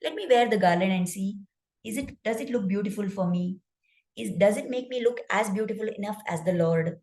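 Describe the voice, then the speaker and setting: A woman's voice: medium pitch, a little fast, darkish tone, roomy sound, lightly acted. A woman voicing a young devoted woman who wonders whether she is beautiful enough to be a bride. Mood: wondering. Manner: wondering, self-questioning.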